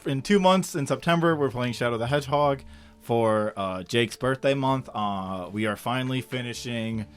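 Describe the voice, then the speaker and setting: A man hosting a casual gaming podcast, steering the talk in a lively way. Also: medium pitch, moderate pace, clean tone, soft background music. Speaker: podcast host. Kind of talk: casual chat.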